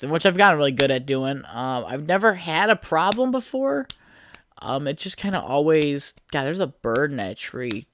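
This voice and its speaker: A man's voice: a little high, a bit bright, a little hiss or hum. A man hosting his own podcast from his apartment, rambling crudely and profanely from one thought to the next. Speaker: podcast host. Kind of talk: solo casual podcast rant. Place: apartment room.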